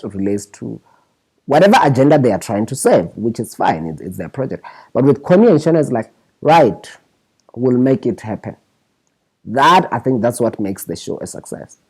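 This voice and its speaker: Lively, husky-voiced man telling stories. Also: medium pitch, rough recording. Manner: animated, restarts phrases, mimics others' voices in quotes. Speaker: scriptwriter guest. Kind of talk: candid interview storytelling.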